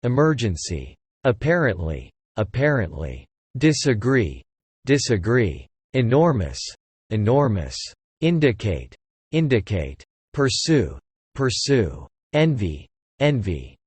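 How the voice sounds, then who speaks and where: A man reading English vocabulary words aloud one by one, saying each word twice in a slow, measured way. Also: medium pitch, big pitch swings, husky, no room sound. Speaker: vocabulary reader.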